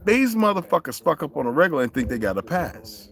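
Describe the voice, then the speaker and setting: A man hosts a livestream rant that is profane, preachy and confrontational, and he greets viewers by name. His voice is a little high and creaky, with big pitch swings, and he talks fast.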